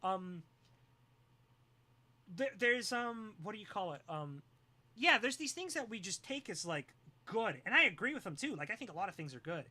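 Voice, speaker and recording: Lively streamer with a bright, animated voice, jokey and teasing with chat, laughs often. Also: medium pitch, moderate pace, long pauses. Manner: joking and teasing, often laughing, sometimes yelling. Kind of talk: casual live-stream chat reacting to viewers.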